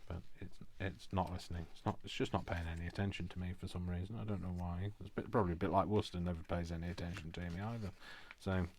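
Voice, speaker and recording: A man's voice: deep voice, fairly even intonation, fast, few pauses, a little mellow, slight background noise. A man chatting casually and rambling with self-mocking asides while he makes a craft journal. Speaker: craft vlogger.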